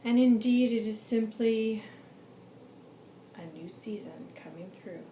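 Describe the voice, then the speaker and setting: A solemn, ancient male spirit guide speaks in slow, formal pronouncements, as a woman with a scratchy, tired voice relays his words. The sound is echoey and carries steady background noise. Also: on the high side. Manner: formal, measured pronouncements starting with "indeed". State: scratchy, fatigued voice.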